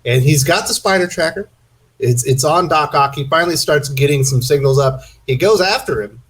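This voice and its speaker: A man's voice: a little high, normal speed, fairly bright tone, breathy edge, poor audio. A man co-hosting a comic book podcast, leading the discussion with enthusiasm in a casual manner. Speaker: podcast co-host.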